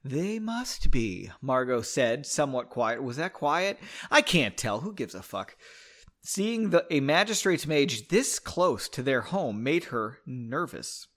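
A man's voice: mid-range voice, very animated, measured pace, a bit bright. A man hosting a podcast, reading a story aloud and breaking off for chatty, self-mocking jokes. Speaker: podcast host.

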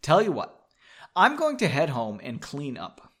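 A man voicing a composed young woman who speaks calmly and firmly. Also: fairly high pitch, husky, full character voice. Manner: calm, measured.

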